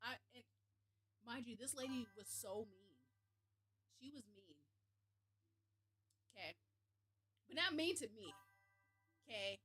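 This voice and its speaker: High, bright-voiced woman streamer. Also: slow, long pauses, breathy edge, soft background music. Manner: animated, laughing, frank and profane. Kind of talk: casual storytelling to a live stream.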